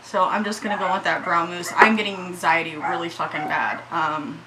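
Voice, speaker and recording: A woman's voice: lowish voice, fairly even intonation, brisk, few pauses, a little hiss or hum, low-quality recording. Chatty woman doing her makeup. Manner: chatty, swears freely, yells at her dogs. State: shaky and anxious. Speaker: beauty vlogger. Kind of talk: casual makeup tutorial chat. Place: home.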